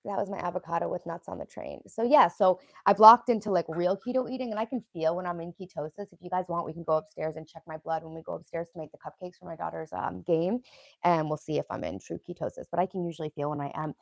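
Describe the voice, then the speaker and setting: Woman, young, livestream host, rambling casual chat, gravelly, dry close sound. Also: fairly low pitch, quick pace, a little mellow, no room sound. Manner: chatty, rambling, reads and answers chat.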